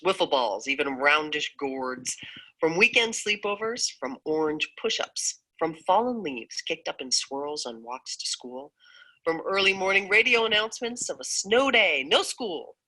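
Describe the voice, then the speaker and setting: A speaker reading a poem aloud in turns, with an unhurried delivery. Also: mid-range voice, animated, bright, forceful tone, poor audio. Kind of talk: poem recitation.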